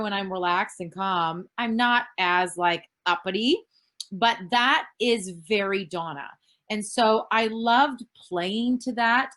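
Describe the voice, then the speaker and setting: A woman's voice: mid-range voice, a bit bright. Chatty rambling Canadian woman. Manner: chatty and rambling, frequent fillers, casual swearing. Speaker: actress panel guest. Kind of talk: casual fan Q&A on a virtual panel. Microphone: video call.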